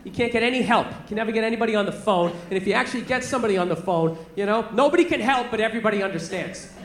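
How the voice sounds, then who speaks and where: High-voiced ranting stand-up comedian man. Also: racing. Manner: animated ranting, profane, laughing mid-line. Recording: roomy club sound with crowd noise.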